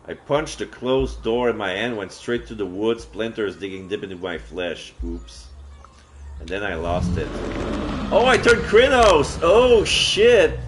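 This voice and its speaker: Excitable man narrating a solo roleplay. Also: lowish voice, slight background noise. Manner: excitable, swearing outbursts. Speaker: streamer.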